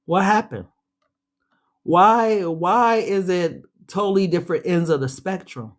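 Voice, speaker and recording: Talking straight to her viewers, this tarot reader keeps things chatty and full of slang, with a slightly stuffy sound. She speaks in a lowish register at a somewhat slow pace.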